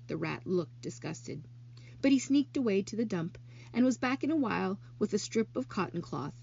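A woman narrating a children's novel aloud in an expressive storytelling manner. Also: mid-range voice, normal speed, gravelly, slightly rough, dull audio.

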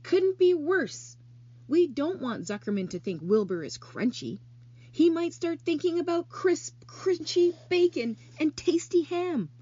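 A woman voicing a wise, kind female spider who talks in a gentle, coaxing, lively way. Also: extremely high pitch, measured pace, dull audio, voice pushed up, full character voice. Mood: thoughtful.

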